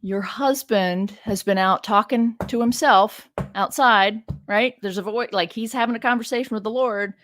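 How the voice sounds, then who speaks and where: A woman's voice: medium pitch, normal speed, few pauses, a bit bright, a little hiss or hum. A woman scholar reading scripture aloud and commenting in a chatty, digressive way, with frank asides and rhetorical questions to her listeners. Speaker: biblical scholar and teacher.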